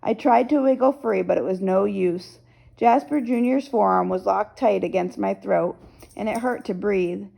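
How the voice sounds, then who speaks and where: A woman reading a novel aloud as first-person narrator, in a steady storytelling manner. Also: mid-range voice, a little slow, gravelly, low-quality recording. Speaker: audiobook narrator.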